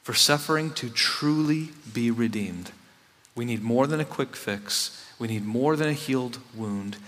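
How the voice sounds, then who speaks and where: A man preaching a sermon. He swings between loud, emphatic passages and soft, low ones. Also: measured pace. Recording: long hall reverb.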